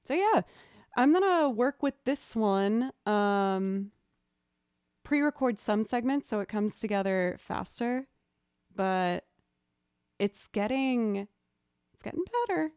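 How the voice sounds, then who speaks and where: A woman's voice: on the high side, expressive, slow pace, pauses often, a little mellow, smooth, no echo, clean studio sound. A woman streaming as a musician, talking in a casual, chatty and upbeat way to her viewers. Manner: chatty and upbeat, says "y'all". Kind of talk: casual livestream chat. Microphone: studio mic run through audio software.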